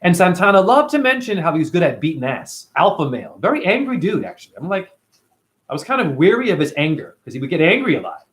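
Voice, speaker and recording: Animated, high-voiced man streaming to viewers. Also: quick pace. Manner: animated, profane, addresses viewers by name. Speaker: livestream host reading chat. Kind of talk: casual livestream monologue.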